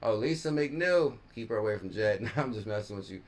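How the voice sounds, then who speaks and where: A man's voice: on the low side, animated, fairly quick. Rambling male crypto live streamer. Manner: rambling, thinks aloud, trails off and corrects himself. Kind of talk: casual live stream commentary.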